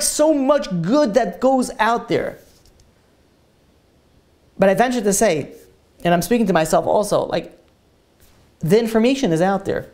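A woman with a fairly high, somewhat dark voice gives an earnest Tisha B'Av talk in the style of a sermon. She tells stories, restarts often, and acts out the quoted lines.

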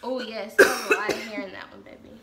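A woman's voice: fairly high pitch, fairly even intonation, fast, vocal fry, echoey room, crowd noise. A woman vlogger chatting casually with her partner, giggly and anxious, swearing often and calling her partner baby. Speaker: vlogger doing the waxing.

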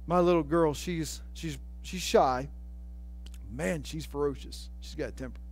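A man with a high, light voice preaching a sermon. He tells stories quietly, then rises to fervent, ringing declarations and repeats phrases for emphasis. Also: unhurried, low-quality recording. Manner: builds from soft storytelling to loud preaching. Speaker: pastor.

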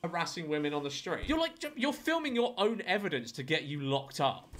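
Mocking man with lively pitch. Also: brisk. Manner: mocking, blunt, swearing. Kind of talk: reaction commentary.

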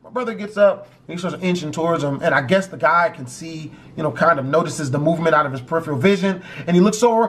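A man's voice: a little high, fast talker, few pauses, a bit bright. A man telling a dramatic true story in a profane, emphatic vlog style.

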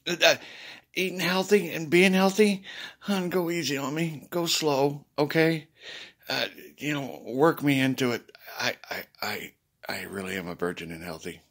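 A man talking casually to viewers, rambling with many restarts and swinging between worried and loud. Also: mid-range voice, expressive, normal speed. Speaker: video blogger.

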